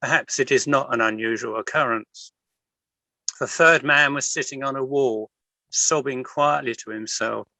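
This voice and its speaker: Bright-voiced man reading poems. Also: mid-range voice, normal speed, no room sound, low-quality recording. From Liverpool, England. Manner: expressive storytelling reading. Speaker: guest poet and artist. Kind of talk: reading his own poems aloud.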